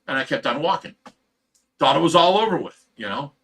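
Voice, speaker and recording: A man's voice: a little high, expressive, brisk, creaky, a bit bright. A man hosting a livestream, telling a heated, rambling story full of swearing in casual chat. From Ohio. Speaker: livestream host.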